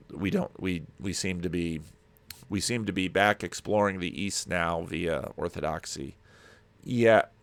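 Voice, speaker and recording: A man's voice: low voice, gravelly, a bit bright, no room sound. A man hosting a commentary, reacting to a lecture clip in a musing, digressive way with many restarts. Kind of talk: casual spoken commentary.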